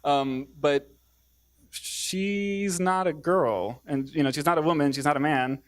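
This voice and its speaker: A man's voice: a little high, a little slow. A man giving a public talk in a theater, hesitant, with many fillers and restarts. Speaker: speaker.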